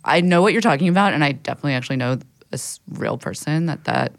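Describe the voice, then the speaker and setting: A woman's voice: low voice, animated, quick pace, creaky. A woman co-hosting a podcast, talking bluntly and sarcastically and swearing freely. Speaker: podcast co-host. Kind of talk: casual podcast banter.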